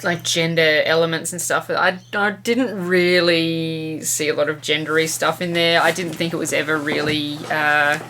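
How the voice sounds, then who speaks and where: Relaxed, lower-voiced woman co-host. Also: moderate pace, hardly any pauses, slight background noise. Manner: relaxed, agreeable, adds short remarks. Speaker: podcast co-host. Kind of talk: casual film review chat.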